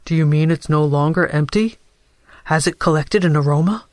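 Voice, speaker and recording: A man voicing a middle-aged scent dealer, a scheming salesman who keeps a calm, reasonable, persuasive tone. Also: a little high, moderate pace, no echo, studio quality, lightly acted.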